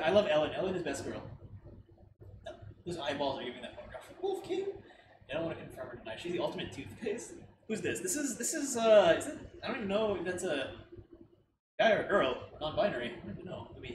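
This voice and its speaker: A man rambles through a casual reaction commentary, thinking aloud with lots of fillers and easy laughter. His voice is fairly high and very lively in pitch. The mic sits away from him in a roomy space with steady noise behind. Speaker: reaction video host. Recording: roomy, distant mic with clear background noise.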